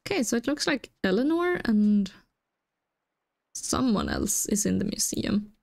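A young woman casually talking through a farming video game, chatty, giggling and easily excited. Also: mid-range voice, unhurried, gravelly. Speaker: gaming channel host. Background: faint game music.

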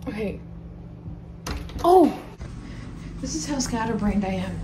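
A woman talks to her viewers from her garden, out of breath and emotional, her words tumbling out in a rush. Her voice sits a little high, and she slips into hushed whispers now and then. A faint hiss of outdoor noise sits behind her. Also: slow pace. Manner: excitable and emotional, lots of "like"; drops to hushed whispers near the nest. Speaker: vlogger. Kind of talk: casual vlog to camera. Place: outdoors in a home garden and deck.

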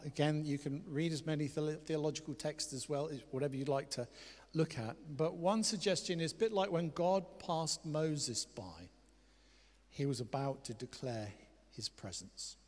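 Man preaching in a reverberant church. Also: a little high. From England. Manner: animated, swings from loud exclamations to hushed quoted words. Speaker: pastor. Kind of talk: sermon. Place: church hall. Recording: long church hall reverb.

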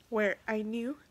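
A young woman vlogger speaking through tears in an emotional confessional vlog, halting and repeating herself, often dropping to a whisper. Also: fairly high pitch. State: tearful.

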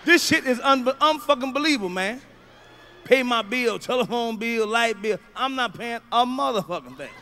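Loud profane stand-up comic, high voice. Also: male voice, lively intonation, normal speed. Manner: profane, loud, punchy delivery with shouted punchlines. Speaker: stand-up comedian. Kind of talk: stand-up comedy routine.

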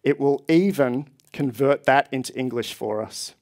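A man's voice: medium pitch, moderate pace, hardly any pauses, darkish tone. A man presenting at a tech conference, explaining with enthusiasm to a live audience. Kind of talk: conference talk. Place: conference hall.

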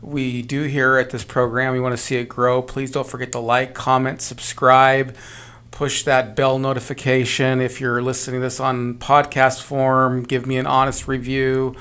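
A man's voice: medium pitch, moderate pace, clear, resonant tone. A man hosting an interview podcast, thanking his guest and asking listeners to subscribe. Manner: brief backchannels, flat even delivery. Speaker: podcast host.

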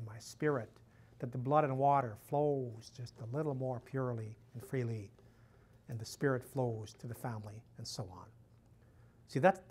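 A man's voice: medium pitch, husky. A man, a missionary priest, giving a conversational talk to a live audience, telling stories and often saying "you know". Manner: chatty, storytelling, acts out quoted dialogue in a raised voice, frequent "you know".

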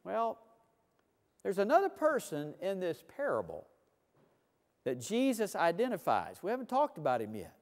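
High, lively preaching man in a church. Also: moderate pace, pauses often, big-room sound. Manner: preaching with rising emphasis and repeated phrases. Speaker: pastor. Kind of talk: sermon. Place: church sanctuary.

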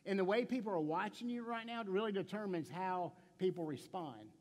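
Middle-aged pastor guy, high voice, stumbly restarts, lots of "can i tell you", echoey church hall. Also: a little fast, a little mellow. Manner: conversational preaching, stammering restarts, rhetorical questions; playful storytelling with acted quotes. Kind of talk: sermon. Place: church sanctuary.

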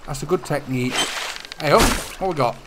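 A young man giving relaxed, chatty commentary over a fishing video game, sharing tips as he plays. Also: fairly high pitch, brisk, background noise. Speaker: gaming YouTuber. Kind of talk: casual gameplay commentary.

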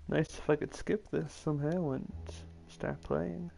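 Slow, creaky-voiced male streamer, deadpan. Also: fairly high pitch. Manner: dry, self-deprecating, offhand mumbling. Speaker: game streamer. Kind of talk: casual live-stream commentary.

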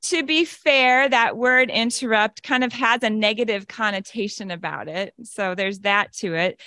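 A woman pastor with a high, light voice leads a children's message in plain, coaxing words. The sound is close and dry, with little room around it. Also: moderate pace, no echo. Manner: bright, coaxing, speaks simply to children. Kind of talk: children's sermon, then sermon. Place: church sanctuary.

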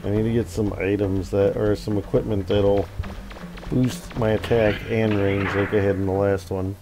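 A man's voice: on the low side, little pitch movement, moderate pace. Rambling young man narrating his gameplay. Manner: rambling, swears when frustrated, many fillers. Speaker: let's play host. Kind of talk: casual gameplay commentary. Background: game music.

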